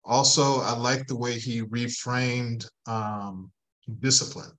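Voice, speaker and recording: A man with a mid-range voice takes his turn in a group discussion. He speaks thoughtfully and measures his words, with some halting restarts. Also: mid-range voice, fairly even intonation, a bit bright, rough recording. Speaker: team member.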